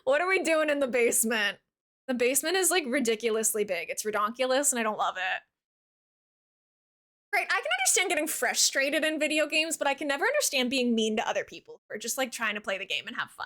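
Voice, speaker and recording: Young woman streamer, high lively voice, gushing and sweet, casual game-stream chatter. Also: brisk. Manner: bubbly, gushing, talks sweetly to her cat and chat. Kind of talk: casual live-stream chat.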